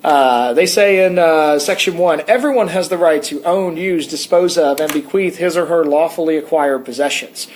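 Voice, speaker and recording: A man's voice: on the high side, moderate pace, few pauses. An American man co-hosting a podcast in casual, analytical chat, talking at length and reading excerpts aloud. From United States. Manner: talkative, digressive, reads excerpts aloud. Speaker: podcast co-host.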